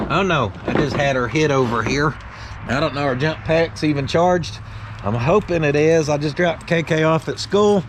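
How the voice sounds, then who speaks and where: A man's voice: mid-range voice, a little hiss or hum. A man, chatting casually and jokingly in a vlog while working on an old car at a shop. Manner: joking, folksy, talks to his car. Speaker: car restoration vlogger.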